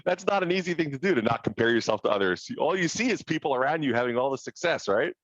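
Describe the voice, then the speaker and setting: A man hosting a group coaching call, talking in an animated, motivational way over video call. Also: mid-range voice, quick pace, no echo, dull audio. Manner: animated, motivational, quotes inner voices.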